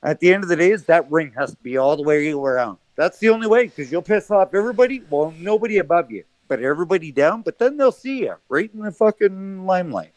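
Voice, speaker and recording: Profane rambling male caller, high-pitched. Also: lively intonation, fast, hardly any pauses, no room sound. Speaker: call-in caller. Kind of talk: rambling casual rant. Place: small room at home. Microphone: phone or headset mic at home.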